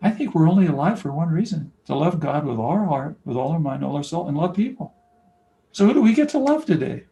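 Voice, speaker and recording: An older man, a basketball coach and camp founder, talking as an interview guest, telling stories and acting out quoted dialogue, from loud to whispering. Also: fairly high pitch, quick pace, vocal fry, rough recording. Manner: animated storyteller, acts out quoted dialogue, swings from loud to whispering. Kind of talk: conversational interview, storytelling.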